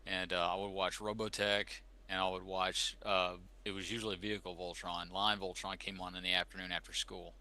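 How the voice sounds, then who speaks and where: Middle-aged man, podcast co-host, rambling casual chat, low pitch, bright tone. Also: flat delivery, a little fast, hardly any pauses. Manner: rambling reminiscing with restarts.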